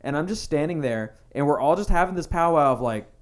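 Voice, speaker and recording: A man's voice: on the high side, lively intonation, fairly quick. A young adult man, a tattoo artist co-hosting a podcast, adding dry remarks and chuckling in casual chat.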